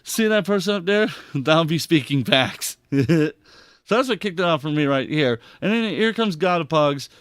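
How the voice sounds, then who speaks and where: A man hosting a podcast, reacting to clips in an excitable, heavily profane rant. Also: a little high, moderate pace, no room sound, clean studio sound. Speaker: podcast host. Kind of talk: casual commentary on clips.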